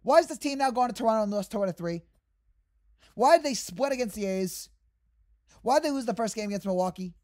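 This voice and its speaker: Heated woman ranting, fairly high voice. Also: expressive, quick pace, pauses often, darkish tone. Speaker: sports fan channel host. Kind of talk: fan rant to camera.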